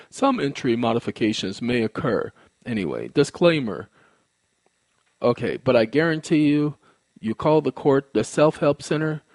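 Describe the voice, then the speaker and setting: A man's voice: mid-range voice, darkish tone, no room sound. Emphatic, preachy man hosting a video channel. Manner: emphatic, preachy, repeats phrases in rising sing-song. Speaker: host of a legal advocacy video channel. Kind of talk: casual monologue to viewers.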